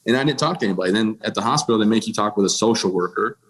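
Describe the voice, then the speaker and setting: A man in his thirties from the United States speaks as a podcast guest, telling his own story candidly. His voice sits a little low, and his delivery is blunt and plainspoken, full of restarts and casual fillers. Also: rapid-fire, fairly bright tone. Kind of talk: candid personal storytelling in a conversation.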